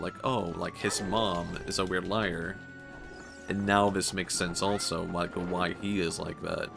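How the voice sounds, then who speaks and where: Gravelly Swedish-accented man streaming a game. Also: low-pitched. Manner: rambling, jokey, laughs often. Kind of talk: casual gameplay commentary.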